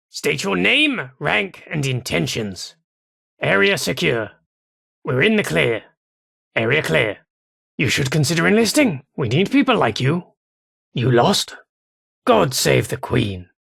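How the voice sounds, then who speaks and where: An actor playing a gruff British soldier loyal to the Queen in a game, barking military commands. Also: on the high side, a bit bright, no echo, studio quality, exaggerated voice. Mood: stern. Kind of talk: game voice lines.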